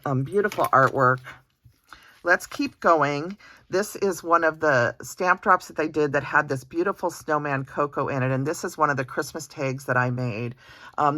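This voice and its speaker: A woman hosting her card-making channel, gushing softly with frequent ums and uhs as she shows her handmade cards. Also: rumbling low, no room sound. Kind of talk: casual show-and-tell of handmade cards.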